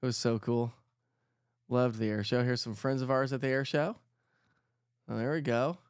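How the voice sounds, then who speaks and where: A man's voice: medium pitch, fairly even intonation, moderate pace, clean tone, no room sound, clean studio sound. A middle-aged man hosting a casual weather livestream, chatting with viewers and reading their comments aloud. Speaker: weather show host.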